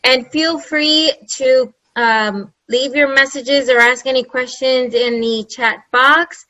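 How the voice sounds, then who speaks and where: A woman's voice: sits high, fairly even intonation, slow pace, sharp tone, no room sound, poor audio. A woman hosting an online webinar from home over a video-call mic, effusive and enthusiastic, repeating phrases for emphasis. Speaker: webinar host. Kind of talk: presenting a webinar.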